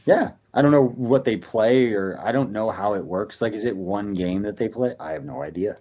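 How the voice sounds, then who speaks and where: Chatty low-voiced podcast co-host man. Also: normal speed, mellow. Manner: chatty, rambling with frequent "like" fillers. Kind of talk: casual sports podcast chat.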